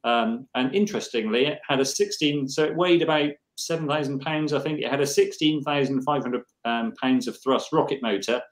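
A man's voice: medium pitch, a little fast, hardly any pauses. A man co-hosting a livestream chat on a video call, eager and self-mockingly nerdy, often restarting his sentences. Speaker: livestream co-host. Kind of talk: casual chat. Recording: echoey room.

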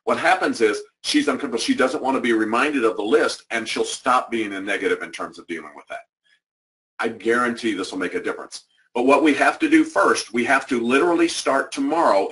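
A man's voice: mid-range voice, fast, sharp tone. A man giving a motivational training talk to educators, emphatic and conversational, repeating his key points. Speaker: workshop presenter. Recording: distant microphone.

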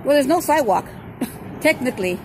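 A woman on a city street talking to her viewers as she films, sarcastic and ready to argue, with sharp rises in volume when she pushes back. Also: high-pitched, animated, fairly quick, background noise. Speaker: filming auditor. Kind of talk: running commentary to viewers while filming.

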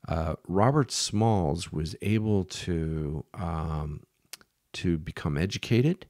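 A middle-aged man with a deep, gravelly voice tells a history story slowly and unhurriedly. He halts often with fillers and restarts, and now and then drops to a whisper. The sound is dry and close. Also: darkish tone, dry recording. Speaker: podcast host.

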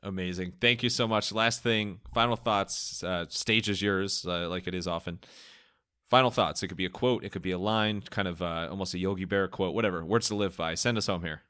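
A man's voice: low voice, fairly even intonation, fairly quick, hardly any pauses, a bit bright, smooth, no room sound, studio quality. A man hosting a podcast, asking questions in an upbeat, thankful, casual way. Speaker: podcast host. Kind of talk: casual interview chat.

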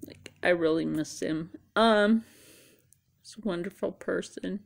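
Tired middle-aged lady rambling on her vlog, slow and kinda croaky. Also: lowish voice. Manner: rambling, musing aloud to herself. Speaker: vlogger. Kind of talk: casual chat.

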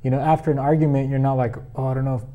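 A man, a guest on a faith talk show, explaining his ideas in a reflective, measured way. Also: mid-range voice, little pitch movement, mellow, dull audio. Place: community TV studio.

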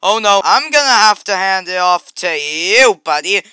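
Bright, excitable young gaming YouTuber. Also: normal speed, clear, resonant tone, no room sound. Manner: chatty and excitable, jumping to loud high exclamations. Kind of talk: casual gaming commentary.

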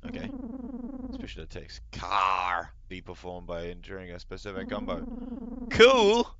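A man's voice: low voice, flat delivery, normal speed, bright, forceful tone, dry recording, dull audio. A man giving casual let's-play commentary, reading game text aloud and exclaiming as he plays. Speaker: gameplay video host. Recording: game music playing behind the voice.

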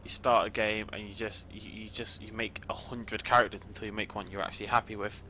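A man's voice: lowish voice, level tone, quick pace, pushed and bright, a little hiss or hum. A man commentating his gameplay in a chatty way, thinking aloud as he plays. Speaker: gaming YouTuber.

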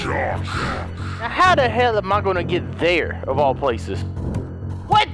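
Hyper gamer dude yelling at the game, high voice, bouncy, music under it. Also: male voice, unhurried. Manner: excitable, shouting, laughing, talking to game characters. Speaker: gaming commentator. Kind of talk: let's play commentary.

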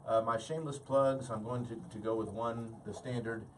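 A man, a regular show guest, talking casually with many halting filler pauses. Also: mid-range voice, steady tone, distant mic, slight background noise, poor audio. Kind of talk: casual chat.

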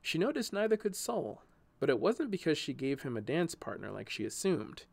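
Man reading a fairy tale, lively pitch, fairly high voice, dry close mic. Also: normal speed, vocal fry, dry recording. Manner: expressive, gently paced reading. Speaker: narrator. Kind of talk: audiobook storytelling.

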